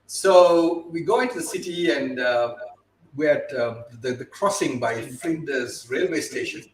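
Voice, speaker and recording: Halting man in an echoey room. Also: a little high, slight background noise. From Botswana. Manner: halting, repeats words and restarts while telling stories. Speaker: guest. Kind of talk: casual live-stream chat. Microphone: video call.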